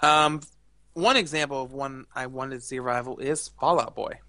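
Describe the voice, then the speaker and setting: Young man, bright tense voice, dry close sound, rambling casual chat, opinionated. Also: mid-range voice, normal speed, no room sound. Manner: rambling, filler-heavy, opinionated. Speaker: podcast co-host.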